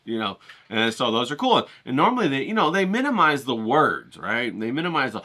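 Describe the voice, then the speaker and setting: Joking, profane man with a bright voice. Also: medium pitch, sing-song, fairly quick. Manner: joking, rambling, profane, talks straight to viewers. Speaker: painter and vlogger. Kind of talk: casual talk to camera.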